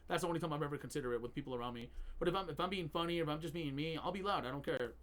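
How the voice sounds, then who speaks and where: A man's voice: fairly high pitch, rapid-fire, fairly bright tone. A man co-hosting a podcast, chatting casually and telling rambling stories with frequent laughter and fillers. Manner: laughs often, rambling storytelling with many fillers. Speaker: podcast co-host. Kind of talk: casual chat.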